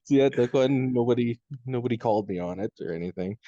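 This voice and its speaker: Young Canadian man, casual podcast co-host, warm low tone, dry muffled sound. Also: quick pace, dry recording. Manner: laid-back storytelling, lots of "dude" and laughter. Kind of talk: casual chat.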